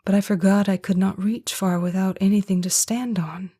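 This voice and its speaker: A woman giving a whispered first-person audiobook narration, hushed and slow. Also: mid-range voice, fairly even intonation, breathy edge.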